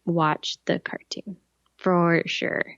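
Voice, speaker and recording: A woman co-hosting a podcast in casual chat, agreeable and quick to laugh. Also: on the low side, flat delivery, vocal fry, a bit bright, no room sound, muffled recording. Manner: slow, agreeable, laughs easily. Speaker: podcast co-host.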